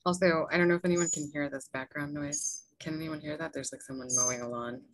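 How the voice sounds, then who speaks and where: Low-voiced woman on a dry call. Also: steady tone, quick pace, dry recording, rough recording. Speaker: panelist. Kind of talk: casual chat. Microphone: video call.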